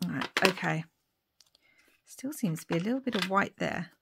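A woman making a papercraft tutorial at her craft desk, thinking aloud as she works, with fillers and soft whispered asides. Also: on the low side, animated, moderate pace, gravelly, background noise. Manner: drops to soft whispers between remarks. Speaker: papercraft vlogger.

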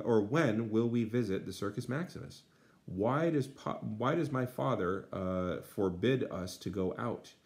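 A man voicing a Roman senator's young son while reading a translation aloud, with some pauses. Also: fairly low pitch. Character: boy son of a senator, eager then scared.

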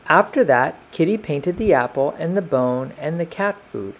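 A man reading a children's picture book aloud, slowing down and lifting his voice for the characters' lines. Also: on the high side. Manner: slow, lively character voices in dialogue. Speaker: storyteller.

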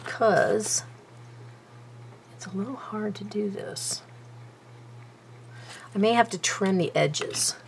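A woman's voice: mid-range voice, slow pace, pauses often, slight background noise. A woman chatting casually to herself while she does a paper craft at her table, self-mocking and talkative. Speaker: craft video host.

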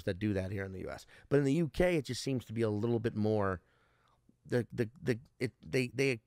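A man's voice: medium pitch, dry recording, studio quality. A male stand-up comedian guesting on a podcast, talking in a rambling, profane way with many restarts. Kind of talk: casual podcast interview.

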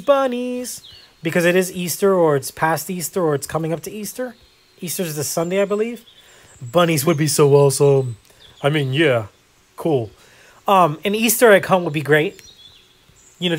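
Chill guy rambling over a game, kinda higher voice, lots of ums. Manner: rambling and self-deprecating, with many fillers. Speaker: gaming video host. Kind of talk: casual gameplay chat.

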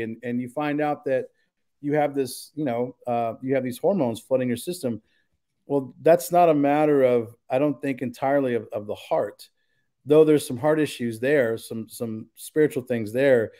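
A man of middling pitch speaks as a pastor in a relaxed podcast chat. He is earnest and emphatic, working his thoughts out aloud as he goes. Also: normal speed. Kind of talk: casual podcast conversation.

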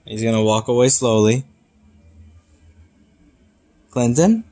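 A man's voice: mid-range voice, animated, moderate pace. A man talking to his cat in a casual, sarcastic way, with baby talk mixed with jokes. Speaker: channel host.

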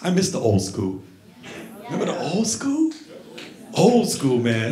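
A man's voice: medium pitch, big pitch swings, normal speed, pauses often. A middle-aged man doing a chatty stand-up comedy set, riffing and teasing the crowd on a club stage. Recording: echoey club with audience. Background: crowd laughter.

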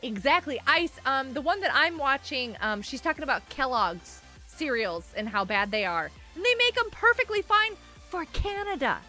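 A woman streams a game, talking in a rambling, chatty way into her microphone. Her high voice leaps all over the place and sounds bright and sharp. She laughs often and breaks into sudden squeals. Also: big pitch swings, normal speed, few pauses, soft background music. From United States. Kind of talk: casual live-stream chat while gaming.

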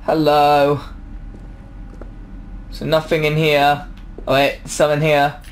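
A man's voice: a little high, monotone, slow, a little hiss or hum. A young man commenting on a horror video game, jumpy, yelping and talking back at the characters. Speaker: gaming YouTuber.

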